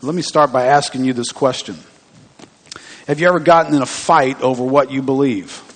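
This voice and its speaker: A man's voice: medium pitch, normal speed. A man preaching a conversational sermon in a church, putting questions to the congregation. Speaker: pastor. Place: church sanctuary. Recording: long hall reverb.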